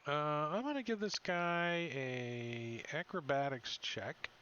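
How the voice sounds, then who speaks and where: A man narrates a tabletop game as dungeon master in a bright, slightly high voice. He rambles loosely and drops into goofy creature voices. The stream audio is dull and lo-fi. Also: sing-song, slow, slight background noise.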